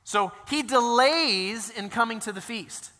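A male pastor preaching in a high, bright voice, talking through the story like a friendly chat with asides tossed in. His sermon rings out with a long reverb, as in a big church hall. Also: measured pace. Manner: conversational, animated storytelling with asides.

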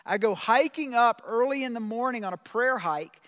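A man, a pastor, delivering an earnest sermon in a church, reading scripture aloud and slowing down to stress key phrases. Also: very high voice, animated, fairly bright tone. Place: church sanctuary with congregation. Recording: long reverb of a large room.

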